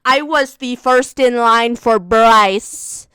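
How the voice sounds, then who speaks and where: A woman livestreaming in casual chat, answering viewers' questions and gushing like an excitable fangirl. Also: a little high, slow pace, clean tone, no room sound.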